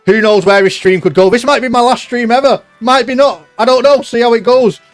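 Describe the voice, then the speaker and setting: A man's voice: extremely high pitch, fairly even intonation, fairly quick, faint music behind. A young man live-streaming from home, chatting loosely and reading out viewer comments. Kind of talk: casual live-stream chat.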